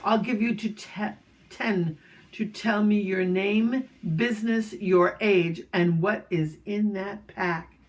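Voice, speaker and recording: A woman reading a storybook aloud, voicing a huge, fierce, bossy male gorilla with loud, gruff shouts. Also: mid-range voice, steady tone, slow pace.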